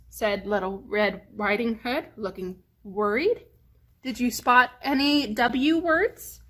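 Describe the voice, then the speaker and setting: A woman's voice: a little high, slow, a bit bright. A woman leading a children's storytime, reading aloud and stressing letter sounds to teach phonics. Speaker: children's librarian.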